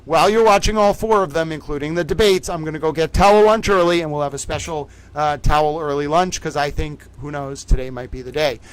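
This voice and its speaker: A man's voice: a little high, brisk, hardly any pauses, clean tone, low-quality recording. A man hosting a livestream in a playful, theatrical showman manner, chatting to viewers. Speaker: livestream host. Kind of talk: animated livestream chat.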